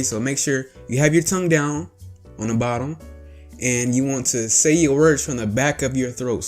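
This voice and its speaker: A man talking casually as he teaches a voice trick. He goes step by step, repeats himself and fills pauses with ums. His pitch sits in an ordinary middle range. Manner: chatty, repetitive, explains step by step with fillers. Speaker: voice tutorial host. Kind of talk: casual instructional talk.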